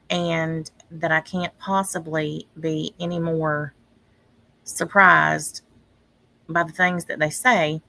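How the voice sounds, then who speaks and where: Gravelly, bright-voiced exasperated woman. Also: sits low, no echo, rough recording. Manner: exasperated ranting with frequent ums and pauses. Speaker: online commentator. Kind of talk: casual livestream commentary.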